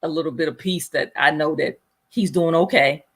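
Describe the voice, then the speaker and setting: A woman's voice: low voice, moderate pace, slightly rough. A woman guest telling a personal family story with earnest, faith-filled feeling in an interview.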